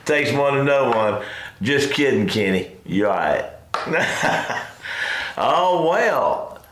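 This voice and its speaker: A raspy middle-aged man with a drawl co-hosts a sports talk show. He jokes in a folksy way, and his pitch swings widely. The room sounds roomy, with a faint hiss behind him. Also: expressive, takes it slowly, fairly bright tone. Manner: folksy, joking, chuckles often. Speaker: radio co-host. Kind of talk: casual sports radio chat.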